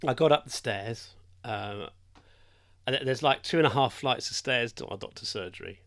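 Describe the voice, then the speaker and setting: A man's voice: medium pitch, moderate pace, fairly bright tone. An older man, a hospital radio presenter telling a story in casual chat and laughing often. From England. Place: radio studio.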